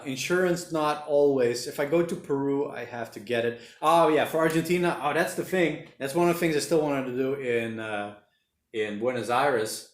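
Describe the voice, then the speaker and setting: A man's voice: fairly high pitch, reverberant. A man hosting a casual livestream, rambling and reading viewer comments aloud. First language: Portuguese. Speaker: livestream host reading chat. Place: home room during lockdown.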